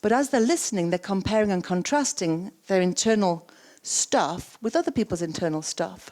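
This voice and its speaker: A woman's voice: mid-range voice, expressive, normal speed, a little mellow. A woman giving an interactive keynote on coaching. She repeats the audience's words back and asks them questions. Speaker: keynote speaker and coaching trainer. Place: conference stage.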